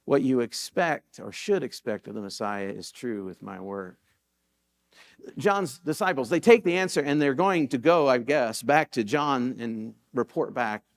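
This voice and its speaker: A male pastor giving a sermon in a church, telling stories in a relaxed, conversational way and repeating key points for emphasis. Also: medium pitch, unhurried. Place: church sanctuary.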